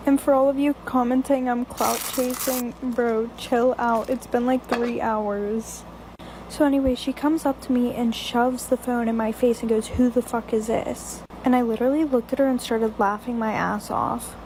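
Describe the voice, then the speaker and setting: A woman's voice: on the high side, steady tone, moderate pace, background noise. A young woman telling a personal storytime in a blunt, profane, chatty way. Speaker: storytime TikToker. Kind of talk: casual storytime monologue.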